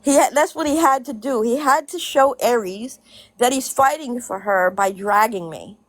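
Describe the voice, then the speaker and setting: Blunt high-voiced woman ranting. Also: expressive, normal speed, no room sound. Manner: blunt, profane, laughing between points; repeats herself for emphasis. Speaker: social media commentator. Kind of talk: casual ranting vlog.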